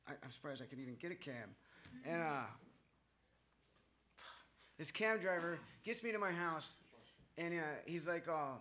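A man's voice: high-pitched, moderate pace, sharp tone, slight background noise. A man sharing his own story with a group at a recovery meeting. He rambles and mocks himself, with many fillers and chuckles.

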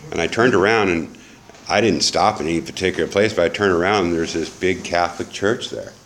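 Deep-voiced man telling his recovery story. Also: brisk, a little hiss or hum. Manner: candid, profane, rambling with restarts. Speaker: recovery speaker. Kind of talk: personal testimony storytelling.

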